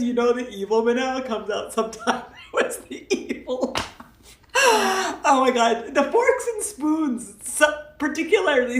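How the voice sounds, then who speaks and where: A woman with a fairly high voice gives a casual motivational talk to a live audience. She is playful and emphatic and leans on repetition. She sounds a little distant from the mic, in a roomy, echoing space. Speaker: live-stream host and self-help coach.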